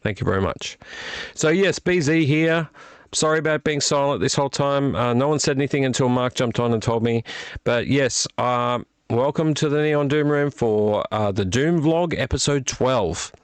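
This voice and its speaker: A man hosting a casual late-night vlog from a small room at home, his voice strained and croaky from illness, rambling and self-deprecating with many fillers. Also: mid-range voice, moderate pace, no echo. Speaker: vlog host. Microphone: attached desktop microphone.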